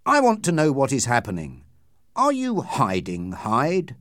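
A man's voice: medium pitch, wildly swooping pitch, unhurried, a bit bright, no echo, clean studio sound, voice pushed up. A man reading the part of a worried middle-aged lawyer in an audiobook, asking earnest, pressing questions in a raised voice.

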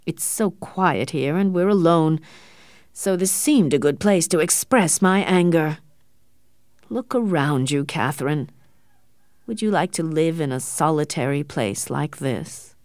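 A stern older doctor and father, as a woman narrator puts him on, pitched low and kept soft, with slow, controlled, hard phrasing. The voice is dry and close. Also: lively intonation, dry recording. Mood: cold, quiet.

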